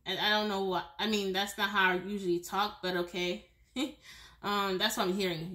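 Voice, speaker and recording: With a bright, forward voice of medium pitch, a tarot reader leads a pick-a-card reading at a moderate pace and steady tone. She talks loosely and directly to the viewer, often restarting sentences and laughing.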